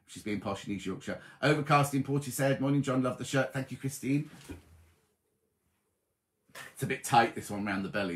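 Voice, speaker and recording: Chatty man reading comments aloud. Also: mid-range voice. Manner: chatty, warm greetings to viewers by name, reads comments aloud. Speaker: host reading viewer comments. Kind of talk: casual live-stream chat.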